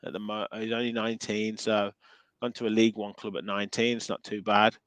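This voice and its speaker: Midlands bloke hosting a footy podcast, chatty, lots of ums, dry sound. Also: male voice, lowish voice, level tone, brisk, a bit bright, no room sound, rough recording. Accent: English Midlands. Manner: chatty, reads out viewer comments with frequent ums. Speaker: podcast host. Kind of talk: casual podcast chat.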